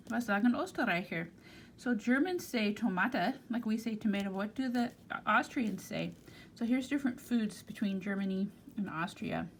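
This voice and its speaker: An American woman teaching German, reading German from a textbook aloud and explaining each word plainly in English. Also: on the high side. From United States. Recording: faint background noise.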